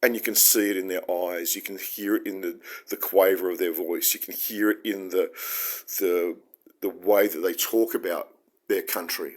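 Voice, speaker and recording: A man's voice: low-pitched, fairly even intonation, moderate pace. An Australian man hosting his own show, talking through his feelings in an earnest, heartfelt and rambling solo monologue. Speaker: podcast host.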